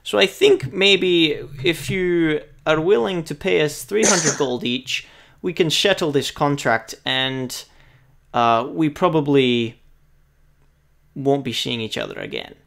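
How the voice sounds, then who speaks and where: A man's voice: a little high, big pitch swings, slow pace, gravelly, a bit bright, exaggerated voice. A man playing a blunt, intimidating male half-orc mercenary who haggles firmly over pay in a tabletop role-play. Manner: firm, bargaining, threatening undertone. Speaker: player.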